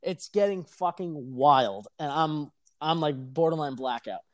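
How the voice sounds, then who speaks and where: A young man telling a casual, profane story on a podcast, animated and laughing as he talks. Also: a little high, a little slow, no room sound, studio quality. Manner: animated, swears constantly, laughs mid-sentence.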